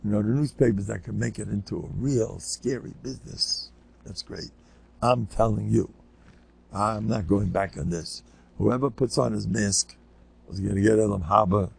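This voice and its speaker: An older man, a rabbi, giving a rambling informal lecture full of anecdotes and Yiddish words, sometimes squeaking out children's voices. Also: moderate pace, gravelly, slight background noise. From United States.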